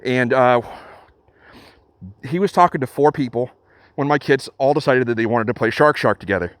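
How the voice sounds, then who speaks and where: A middle-aged man hosting his own channel, earnestly retelling an encounter with many halting restarts. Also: medium pitch, dry recording. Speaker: channel host. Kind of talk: storytelling vlog.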